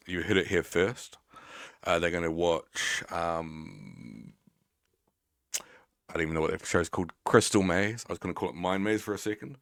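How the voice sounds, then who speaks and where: A man streaming live, rambling and teasing his chat with plenty of swearing. His voice sits very low, and the sound is dry and close. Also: creaky, fairly bright tone, no room sound.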